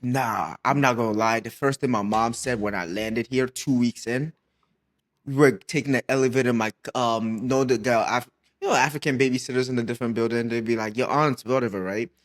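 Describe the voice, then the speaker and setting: A young man co-hosting a casual podcast chat, expressive as he retells his mother's warnings. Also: medium pitch, a little fast. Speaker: podcast co-host.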